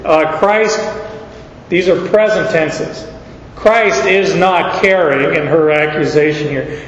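An older man delivers a sermon, unpacking scripture and weaving in personal stories in an unhurried, folksy way. His voice sits a bit high and moves at a very slow pace. The recording is dull and roomy, carrying the long echo of a large church hall. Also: a little hiss or hum. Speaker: pastor.

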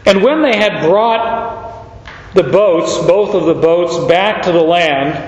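An older man preaching an expository sermon, reading scripture aloud and acting out the quoted lines with slow emphasis. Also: sits high, animated. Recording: roomy, long reverb, dull sound.

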